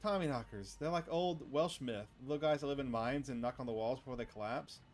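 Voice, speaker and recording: A man's voice: medium pitch, brisk, lightly acted. A man voicing a small-town miner in a visual novel, talking in a folksy, offhand way. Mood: dismissive. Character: gruff small-town male miner, dismissive.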